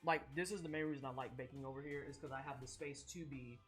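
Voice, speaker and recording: A young woman streamer chatting casually while baking, animated and quick to swear, acting out little voices as she tells stories. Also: a bass voice. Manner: animated, swears freely, acts out characters in voices. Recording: faint music behind.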